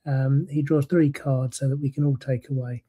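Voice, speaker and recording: Male church host, mellow, husky tone, courteous announcer. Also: medium pitch, steady tone, normal speed. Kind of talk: hosting an online church service.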